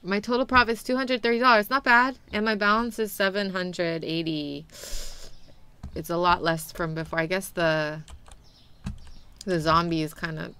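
A woman's voice: fairly low pitch, fairly even intonation, moderate pace, bright, forceful tone, slight background noise. A young woman streaming a game, chatting animatedly with her viewers and laughing often. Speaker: VTuber streamer. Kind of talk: casual gameplay commentary.

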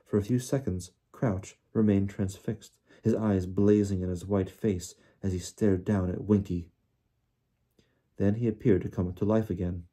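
A man narrating an audiobook in a measured, deliberate reading. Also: low voice, steady tone, warm tone, breathy edge. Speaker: audiobook reader.

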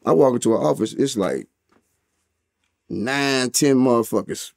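A man telling a story in a casual interview, talking in heavy street slang and profanity, his voice jumping up loud and high whenever he acts out what people said. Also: a little slow, gravelly, no echo, clean studio sound. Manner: animated retelling with loud, high quoted exclamations. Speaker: interview guest.

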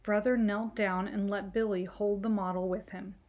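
Gentle woman reading a storybook. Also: medium pitch, little pitch movement, normal speed, highs cut off. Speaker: storytime reader. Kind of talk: children's book read-aloud.

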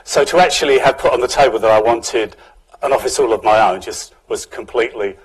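An older man with a Cockney accent, giving a relaxed public lecture full of anecdotes. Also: medium pitch, fairly quick, breathy edge, rough recording. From England, London. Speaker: guest speaker, professor.

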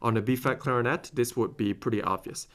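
A clarinet teacher, fairly bright in tone, speaks at medium pitch and a little fast. Over a recorded masterclass he walks through phrasing step by step, singing passages on scat syllables.

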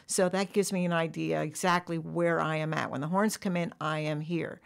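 Low gravelly woman explaining a drum chart. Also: steady tone, moderate pace. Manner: explanatory, counts bars aloud along with the music. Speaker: drum teacher. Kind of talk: software tutorial walkthrough.

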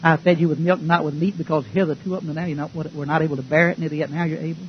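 A man's voice: a little high, flat delivery, rapid-fire. A man preaching a sermon in a folksy, emphatic way, throwing rhetorical questions at his congregation. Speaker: pastor. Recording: dull lo-fi recording with faint hiss.

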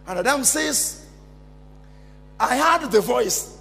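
A man preaching a sermon as pastor, calling out to the congregation and often shouting. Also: extremely high pitch, animated, measured pace, vocal fry, pauses often, faint music behind. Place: church hall. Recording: reverberant church hall.

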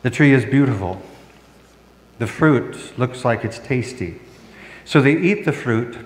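A middle-aged pastor preaches at an unhurried, deliberate pace, often posing a question to his listeners before he answers it. His medium-pitched voice rings out through a large church, with a long reverb trailing each phrase. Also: lively intonation. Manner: asks the congregation questions and answers them. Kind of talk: sermon. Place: church sanctuary.

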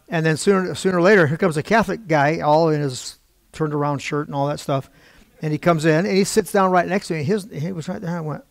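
A fairly high-pitched male voice with vocal fry, recorded without echo. A pastor at the church pulpit delivers a storytelling sermon in a conversational manner, acting out the quoted dialogue.

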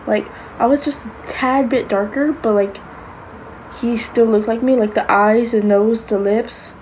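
A woman's voice: a little high, steady tone, measured pace, a little mellow, slight background noise, poor audio. A young woman vlogging casually, gushing and exclaiming, sometimes dropping to a whisper. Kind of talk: casual reaction vlog.

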